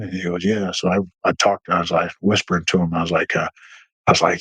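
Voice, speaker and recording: He's a middle-aged military veteran, a guest in a casual storytelling interview, talking fast with little pitch movement in a pushed, bright voice with a breathy edge. His war stories ramble, full of restarts and fillers, and he acts out quoted lines with raised pitch. It's a dry, rough recording.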